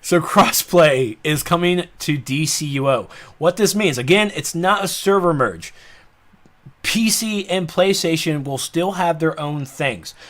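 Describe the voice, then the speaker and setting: Speaking at a measured pace in a slightly high, somewhat bright voice, a Southern-accented man runs a casual podcast streamed live. His talk meanders, broken up by laughter, apologetic asides, and a slightly dry throat.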